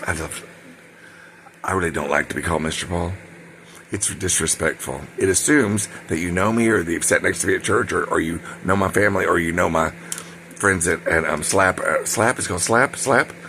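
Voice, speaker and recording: A man's voice: sits low, brisk, creaky, sharp tone, slight background noise. An older man telling a rambling personal story, wandering off on side tracks with many ums and self-corrections.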